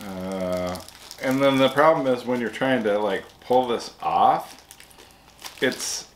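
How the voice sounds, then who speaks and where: A man's voice: mid-range voice, slow. A man co-hosting a casual snack review, easygoing with dry remarks. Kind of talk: casual food review chat. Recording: echoey room with faint hiss.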